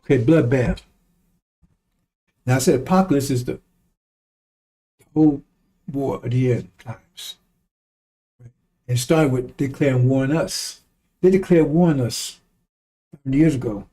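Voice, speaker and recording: A man's voice: mid-range voice, unhurried, pauses often, dark tone, husky. A man giving a blunt, profane, preaching-style monologue, repeating lines for emphasis and chuckling between remarks. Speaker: online commentator.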